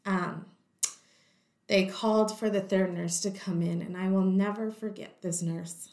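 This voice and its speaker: A woman telling a personal story in a lively way, acting out the voices of the people in it. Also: mid-range voice, a little slow. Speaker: guest telling her story. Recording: roomy echo.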